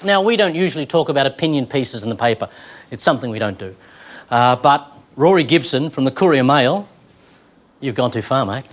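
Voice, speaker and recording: A man's voice: mid-range voice, animated, a little fast, a little hiss or hum. A man with an Australian accent hosting a satirical news comedy show, delivering a punchy, sardonic monologue with mock-grand flourishes. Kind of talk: stand-up style news monologue. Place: television studio with live audience. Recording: loud studio audience laughter and applause.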